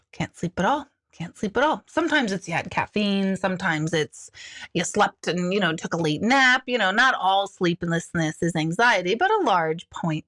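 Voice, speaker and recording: A middle-aged woman, an intuitive coach, talking casually and bluntly while she answers viewer questions. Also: fairly bright tone. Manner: chatty and blunt, jumps into high panicky voices for quoted thoughts. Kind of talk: casual live talk.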